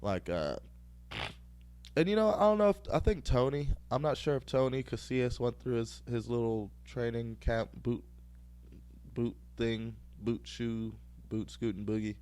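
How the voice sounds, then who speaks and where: A man's voice: medium pitch, measured pace, a little mellow. A young man hosting a podcast, telling a rambling, profane story and laughing at his own jokes. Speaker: podcast host.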